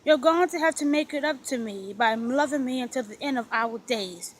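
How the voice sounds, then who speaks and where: Woman lowering her voice for a tender lovestruck gentleman. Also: normal speed, slight background noise, low-quality recording. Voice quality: soft, murmuring delivery.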